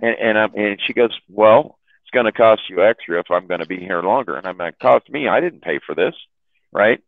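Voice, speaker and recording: A man whose voice sits on the low side, talking fairly quickly, hosts a chat room and spins a long, profane yarn. He rambles and chuckles at his own jokes, heard through dry, phone-like audio with no room sound.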